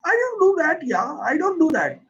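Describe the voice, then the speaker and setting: High-voiced Indian man teaching English. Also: wildly swooping pitch, moderate pace, fairly bright tone, dull audio. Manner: earnest, emphatic, answers viewer questions directly. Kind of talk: livestream Q&A lesson.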